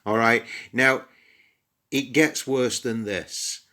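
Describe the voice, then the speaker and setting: A man's voice: medium pitch, steady tone, slow pace, sharp tone. A British man giving a casual, chatty product review with exasperated asides to his viewers. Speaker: astronomy gear reviewer. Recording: echoey room.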